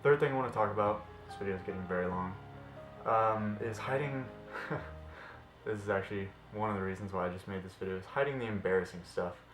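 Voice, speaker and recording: A man's voice: lowish voice, a little fast. Fired-up young man ranting, roomy echo. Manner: fired-up, blunt, swears freely. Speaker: fitness vlogger. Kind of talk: impassioned vlog rant to camera. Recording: roomy echo with faint music.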